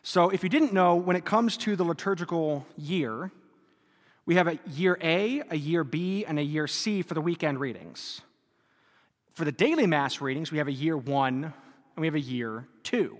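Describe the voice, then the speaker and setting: A man's voice: on the high side, animated, moderate pace. A man in his thirties, a Catholic priest, preaching a conversational, self-deprecating sermon to a live congregation. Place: church before a live congregation. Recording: reverberant church hall.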